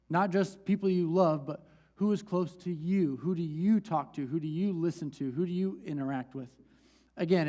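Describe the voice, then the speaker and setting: Young man, church pastor, teaching from a stage, casual and conversational, slightly high-pitched. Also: darkish tone. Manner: conversational, with frequent restarts and light laughs. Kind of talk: teaching talk to a church group. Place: church stage before a seated group.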